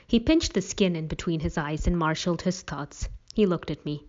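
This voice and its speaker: A woman's voice: fairly low pitch, moderate pace, hardly any pauses, darkish tone, dull audio. A woman reading a first-person story in a wry, dramatic storytelling manner.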